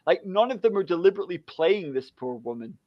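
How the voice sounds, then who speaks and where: Animated man chatting, lo-fi sound. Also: sits high, fast talker, no room sound. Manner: animated, laughing storyteller who acts out quotes. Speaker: book club co-host. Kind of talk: casual book chat.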